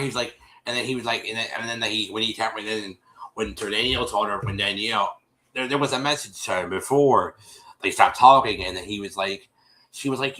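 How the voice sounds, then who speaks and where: Man, casual stream host, rambling retelling, lots of restarts, bright voice. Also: lowish voice, a little fast, low-quality recording. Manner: rambling, many restarts, addresses listeners as y'all. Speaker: show host recapping an episode. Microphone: streaming setup microphone.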